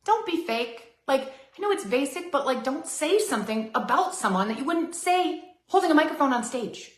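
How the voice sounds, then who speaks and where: Sassy, lively high-voiced woman ranting. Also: moderate pace, echoey room. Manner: sassy and feisty, rambling with laughs. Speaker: MLM seller on a live video. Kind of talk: livestream rant.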